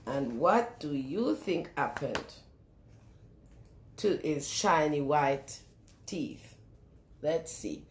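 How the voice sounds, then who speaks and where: Brief: female children's storyteller, slow and very expressive, sing-song, room echo. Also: sits low, a little hiss or hum. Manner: animated, sing-song, asks the children questions. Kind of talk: reading a picture book aloud to young children.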